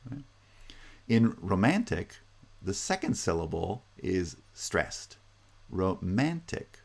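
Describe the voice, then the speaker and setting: Deep gravelly-voiced male linguistics lecturer. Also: darkish tone. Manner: explanatory, repeats example words slowly, frequent "right?" checks. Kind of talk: recorded university lecture.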